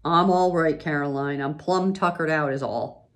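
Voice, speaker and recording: A woman's voice: low voice, fairly even intonation, moderate pace, natural voice. A woman voicing a determined, plain-spoken pioneer father in a storybook reading. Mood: calm. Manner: firm and plain-spoken, folksy.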